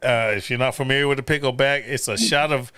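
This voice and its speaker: A man hosting a casual live podcast chat, rambling and profane and quick to laugh. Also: medium pitch, fairly even intonation, pushed and bright, clear, resonant tone, no echo. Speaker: podcast host.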